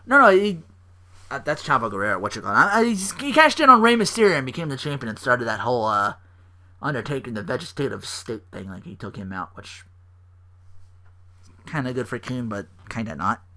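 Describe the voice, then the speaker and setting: A man's voice: mid-range voice, big pitch swings, brisk, sharp tone. A young man hosting a solo podcast, rambling and swearing as he recaps wrestling shows and acts out lines. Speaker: podcast host.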